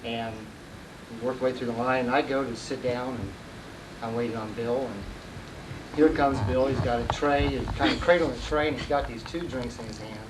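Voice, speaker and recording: A man's voice: medium pitch, fairly even intonation, brisk. A man telling a rambling roast story to a crowd, full of fillers and held-back laughs. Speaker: roast speaker. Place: party hall with an audience. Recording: distant home video mic with loud hiss.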